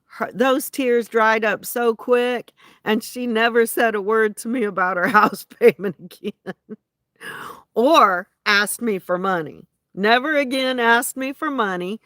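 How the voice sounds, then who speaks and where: A woman's voice: on the high side, unhurried, fairly bright tone, no room sound. Indignant woman venting, dry sound. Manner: indignant, rambling, restarts mid-sentence. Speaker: vlogger. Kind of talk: casual venting rant to viewers.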